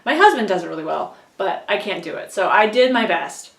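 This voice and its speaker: A woman's voice: medium pitch, big pitch swings, fairly quick, gravelly, fairly bright tone. A woman vlogging casually about her audiobook reading, chatty and self-deprecating, laughing often. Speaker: book vlogger and audiobook reader. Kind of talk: casual rambling vlog. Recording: echoey room, voice a bit far from mic.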